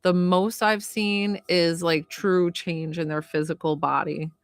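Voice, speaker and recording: In a fairly low, clear, resonant voice with fairly even intonation, a woman speaks a little slowly to her live stream audience as a psychic medium and healer. Chatty and warm-hearted, she rambles with many fillers, captured in a dry, clean studio recording.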